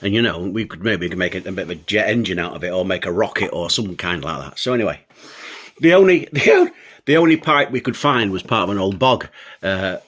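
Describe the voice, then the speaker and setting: A man's voice: low-pitched, a bit bright, breathy edge. An older man, a show host, telling a childhood story and laughing as he goes. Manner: amused, laughs between lines.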